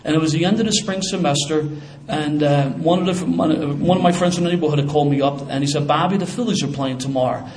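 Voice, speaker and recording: A man telling a brisk, lively story from Philly. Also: a little high. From Philadelphia. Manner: lively, casual storyteller with street slang. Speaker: former police officer. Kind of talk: personal storytelling.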